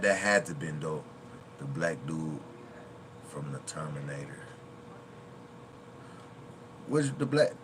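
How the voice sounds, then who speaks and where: A man's voice: sits low, fairly bright tone, slight background noise. A man hosting a reaction video in a chatty, casual way, laughing often and quoting movie lines.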